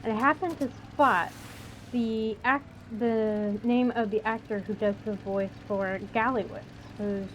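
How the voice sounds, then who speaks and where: Chatty woman streamer, slightly high voice. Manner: rambling, hesitant with frequent ums. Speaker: game streamer. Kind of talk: casual gameplay commentary. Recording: dull lo-fi with faint noise.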